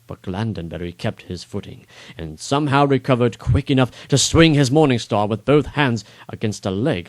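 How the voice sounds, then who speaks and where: A man reading his own first-person adventure story aloud in a dramatic, expressive way. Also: on the low side, no echo. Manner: expressive, rising on action beats.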